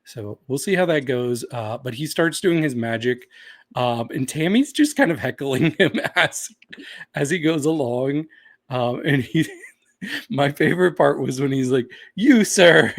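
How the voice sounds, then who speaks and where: A man co-hosting a podcast in casual recap chat, relaxed and chatty. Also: medium pitch, a little slow, no echo, studio quality. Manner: relaxed, chatty, laughs and hedges with "like" and "um". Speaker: podcast co-host.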